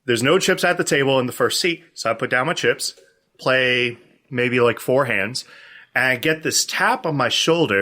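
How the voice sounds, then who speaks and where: A man in his thirties telling a story on a casual podcast, acting out the people in it with lively voice changes. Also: moderate pace. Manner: animated, jumps to high-pitched exclamations and voices for people in his stories.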